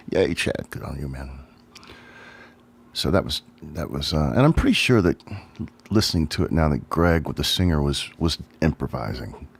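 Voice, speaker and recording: A middle-aged drummer, alone on a casual livestream, rambles through memories of his old band, thinking aloud with plenty of ums. His voice is a rumbling, gravelly low one, and there's slight background noise.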